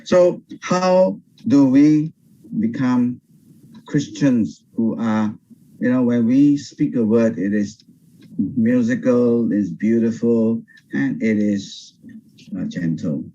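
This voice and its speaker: Older pastor, dull video-call sound. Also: male voice, mid-range voice. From Singapore. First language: Teochew. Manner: animated, pauses and restarts often. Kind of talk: Bible study teaching. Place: home over video call.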